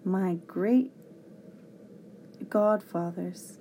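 A woman's voice: medium pitch, lively intonation, slow, dark tone, a little hiss or hum. A woman voicing a fussy, flustered male professor who hiccups and urges children on with exclamations. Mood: shaken.

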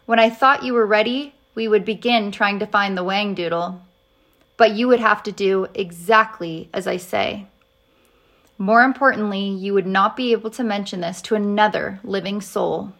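A woman voicing a wise, patient older male professor who speaks slowly and distinctly in a storybook reading. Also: medium pitch, fairly bright tone, lightly acted. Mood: earnest. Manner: slow, distinct and earnest.

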